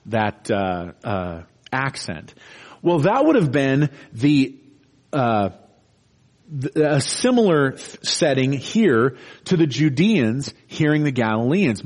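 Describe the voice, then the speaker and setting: A man preaching an expository sermon in an earnest, explanatory way, stopping to restart and building emphasis as he goes. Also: mid-range voice.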